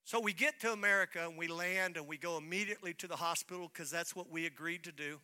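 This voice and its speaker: A man preaching a sermon as pastor, telling a personal story in an animated way and acting out the dialogue. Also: a little high, quick pace, smooth.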